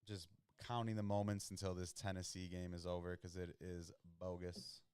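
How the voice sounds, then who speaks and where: Young male host, very low voice, smooth and dry close-mic sound, casual slangy play-by-play reactions. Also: little pitch movement, moderate pace, a little mellow, no echo. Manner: loose and slangy, reacting to plays. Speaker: podcast host watching football. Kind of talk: casual live-watch commentary.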